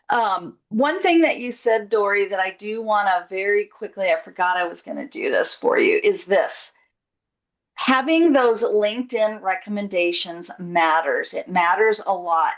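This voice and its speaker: Woman, workshop coach, upbeat and encouraging, slightly dull lo-fi call audio. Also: medium pitch. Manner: upbeat, encouraging, chatty with fillers. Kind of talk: online group coaching session. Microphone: video call.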